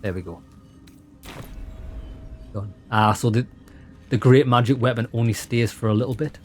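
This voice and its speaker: A man giving excited, chatty commentary on a game he is playing, talking to viewers as lads. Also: medium pitch, normal speed, soft background music. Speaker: let's play host. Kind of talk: casual gameplay commentary.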